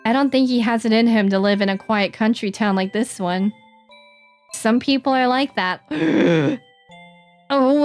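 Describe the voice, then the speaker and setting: A woman with a slightly high voice streams a game, chatting casually. She reads the dialogue aloud in quick, playful voices.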